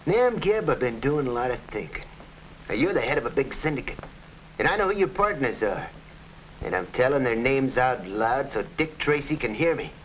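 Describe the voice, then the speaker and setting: An actor playing a ruthless, scheming hired killer in an early TV crime drama, talking tough gangster slang. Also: male voice, mid-range voice, very animated, moderate pace, natural voice. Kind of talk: 1950s TV crime drama acting. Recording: dull old TV soundtrack with faint hiss.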